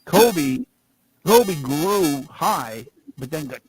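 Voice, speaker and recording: A man's voice: fairly high pitch, very animated, extremely slow, faint music behind, rough recording. A man co-hosting a podcast, rambling through casual stories and laughing as he talks. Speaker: podcast co-host.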